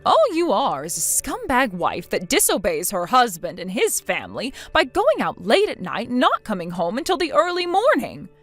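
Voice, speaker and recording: A synthetic woman's voice playing a spiteful, bossy older mother-in-law in a text-chat story, scolding with contempt and a lively pitch. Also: moderate pace, few pauses, faint music behind, full character voice. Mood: scornful.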